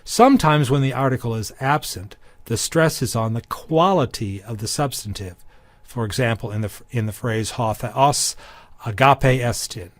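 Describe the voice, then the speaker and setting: A man of middle pitch delivers a recorded grammar lesson, pausing often with ums and restarting phrases. He slips in dry humor. The sound is close and dry, with no room echo. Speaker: Greek teacher. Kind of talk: recorded lecture.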